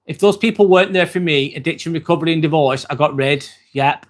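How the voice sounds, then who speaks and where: Speaking a little high for a man, an Englishman streams casually from his phone and rambles comfortably, ums filling the gaps. He reads viewer messages aloud and replies with the odd offhand swear.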